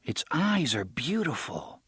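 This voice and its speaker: A man doing a soft, curious young boy. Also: a little high, very animated, slow pace, husky, no echo, studio quality, pitched above the performer's own voice, heavily acted. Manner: soft, eager questions.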